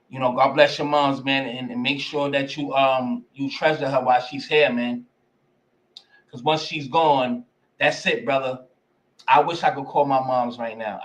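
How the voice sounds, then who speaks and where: A man hosting a live stream, talking casually and profanely while reading viewer comments. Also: a little high. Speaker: host.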